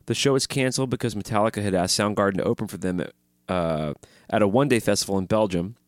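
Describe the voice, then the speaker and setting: A man's voice: fairly low pitch, quick pace, no echo, clean studio sound. A man co-hosting a podcast, chatting casually, joking and swearing freely. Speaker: podcast co-host. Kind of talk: casual chat.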